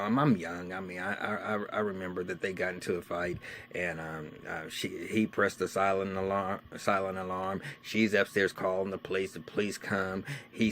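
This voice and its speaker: A man telling a personal life story in a casual, animated way. He is heavily profane and swings from hushed asides to loud outbursts. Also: sits low, a little hiss or hum.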